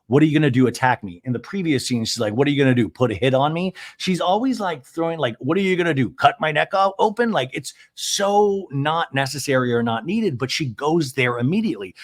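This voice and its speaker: A man hosting a podcast, recapping a reality show in an animated, gossipy way. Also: a little high. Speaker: podcast host. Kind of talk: recap commentary.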